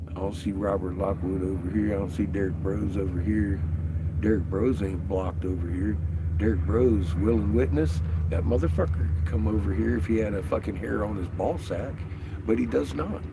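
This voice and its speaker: A man's voice: on the low side, moderate pace, creaky, heavy background noise. A man hosting a casual livestream, ranting in a profane, rambling way and laughing often. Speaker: livestream host.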